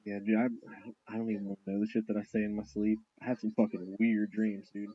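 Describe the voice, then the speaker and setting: Husky blunt man, lo-fi podcast sound. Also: fairly low pitch, level tone, a little fast. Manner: blunt, swears freely, laughs along. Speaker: podcast co-host. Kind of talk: casual profane chat. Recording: dull lo-fi audio.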